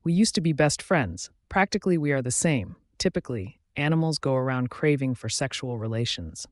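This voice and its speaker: A man voicing a calm, blunt young male alpha werewolf who speaks matter-of-factly. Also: medium pitch, brisk, no room sound, clean studio sound, lightly acted.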